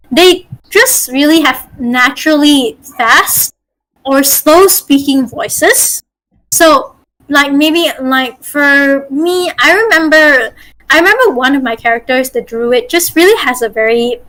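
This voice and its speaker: A woman's voice: high voice, fairly bright tone, rough recording. A woman game master teaching a casual online voice acting workshop, chatty and full of fillers and restarts over a call mic.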